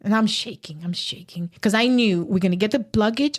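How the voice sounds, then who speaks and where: Woman guest telling her story, halting, lots of restarts, acts out what people said, middle pitch. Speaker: podcast guest. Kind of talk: emotional personal storytelling.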